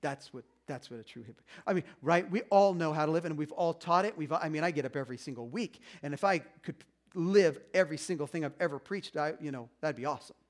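A man's voice: a little high, fast, few pauses. A man preaching a sermon as pastor, in a conversational way, acting out little voices and quotes.

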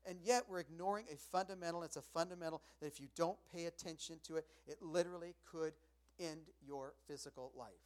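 Preaching pastor, loud then hushed. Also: male voice, a little high, brisk. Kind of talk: sermon.

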